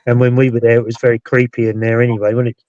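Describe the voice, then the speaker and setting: A British paranormal investigator and show host talks at a racing pace in a medium-pitched, level, slightly mellow voice. His casual live-stream talk rambles, losing the thread and restarting. The recording is dead dry, muffled, and lo-fi.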